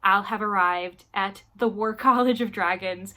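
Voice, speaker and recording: A young woman vlogging about her reading, talking casually and gushing about the book with quick asides. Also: mid-range voice, pushed and bright, faint music behind.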